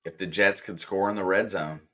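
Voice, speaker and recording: A man's voice: sits low, fairly even intonation, fairly quick, bright, forceful tone. A man co-hosting a game reaction stream, giving easygoing, jokey analysis. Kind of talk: casual game analysis chat.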